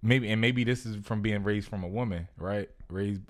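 A young man with a fairly low voice, chatting casually as a podcast co-host. He tells stories with energy and slips into little impressions of the people he quotes. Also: normal speed. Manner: animated storytelling, acting out quoted voices. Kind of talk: casual chat.

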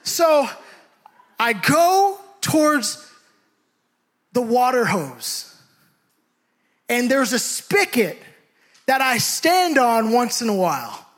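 High, bright-voiced preacher telling a story. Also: male voice, slow pace, pauses often. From San Francisco Bay Area. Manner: animated storyteller, shouting and laughing through the story. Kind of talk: sermon with a personal story.

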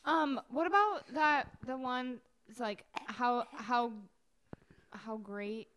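A woman's voice: fairly high pitch, slow, a bit bright, slight background noise. A young woman co-hosting a casual chat, hesitant and searching for words. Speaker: podcast co-host.

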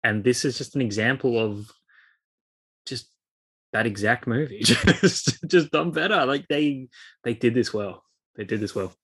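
A man co-hosting a casual film review podcast, reacting quickly and excitably. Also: medium pitch, husky. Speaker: podcast co-host.

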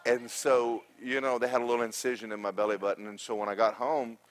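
A pastor preaching a sermon, telling stories with humorous asides and swinging from loud exhortation to quiet remarks. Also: male voice, fairly low pitch, very fast, a faint crowd. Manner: animated storytelling with humorous asides.

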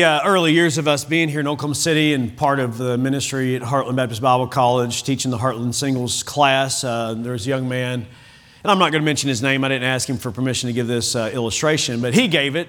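A middle-aged pastor from the United States preaching in a church, reading scripture and adding lively, chuckling asides. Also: male voice, mid-range voice, fast talker. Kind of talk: sermon. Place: church sanctuary.

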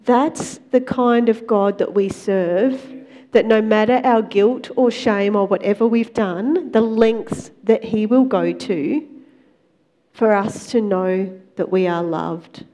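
A woman giving a Christian testimony, retelling a story in a conversational way, with lively quoted dialogue. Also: mid-range voice, takes it slowly. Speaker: Christian speaker.

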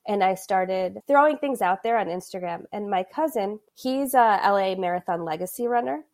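A woman's voice: mid-range voice, lively intonation, normal speed, darkish tone. Woman, 30s, podcast guest, chatty storyteller, laughs as she talks, mid-range voice. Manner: chatty, frequent "like" fillers, laughs mid-sentence. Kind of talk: casual conversational storytelling.

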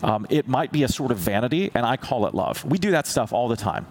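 A man's voice: mid-range voice, fairly quick. A man preaching a sermon as teaching pastor, candid and self-deprecating, acting out prayers and God's replies in a raised voice. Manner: animated, acts out dialogues with God in a raised voice.

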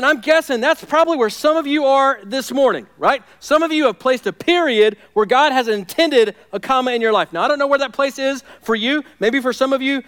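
A man preaching a sermon, swinging from hushed, intimate lines to loud, urgent ones. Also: sits high, clean tone. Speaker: pastor.

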